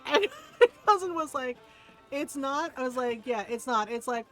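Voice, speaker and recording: A woman's voice: sits high, moderate pace, faint music behind, low-quality recording. A woman game streamer chatting casually, telling stories with lots of laughter, swearing and mimicked voices. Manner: animated storyteller, swears freely, laughs often, mimics relatives. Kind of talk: casual chat while gaming.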